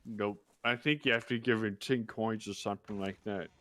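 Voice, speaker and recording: A man's voice: on the low side, steady tone, normal speed, bright, forceful tone, dry recording. A man chatting casually as a fellow player, offhand and laid-back. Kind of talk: casual gaming chat.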